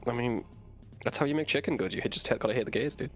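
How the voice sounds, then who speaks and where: A man's voice: medium pitch, racing, faint music behind. A man co-hosting a stream, teasing and joking in casual chat. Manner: joking, teasing, calls people dude. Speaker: stream co-host.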